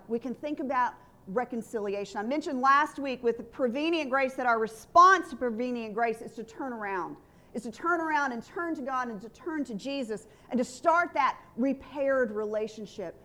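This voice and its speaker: Woman pastor, high voice, earnest conversational sermon, call-and-response. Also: fairly bright tone.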